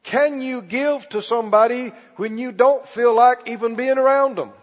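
A man preaching a sermon as pastor, stretching key words slowly and calling for the congregation to respond. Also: extremely high pitch. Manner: preaching with call-and-response, slow emphatic stretches. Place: church. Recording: muffled recording in a reverberant church hall.

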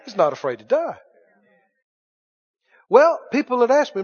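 A man preaching a lively sermon, dropping to hushed asides and rising to shouts. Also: high voice, normal speed, pauses often, dull audio.

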